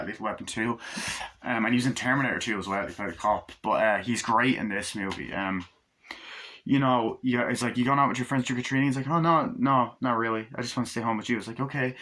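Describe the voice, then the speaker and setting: A young man giving a casual, rambling film review, swearing freely and acting out scenes in quick put-on voices. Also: on the low side, sharp tone. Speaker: movie reviewer.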